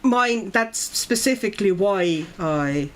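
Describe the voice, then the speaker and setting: A woman's voice: medium pitch, animated, takes it slowly, a little hiss or hum. A middle-aged woman from Estonia chats casually on a livestream from a desk mic at home. She is talkative and breaks into laughter often. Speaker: livestream host.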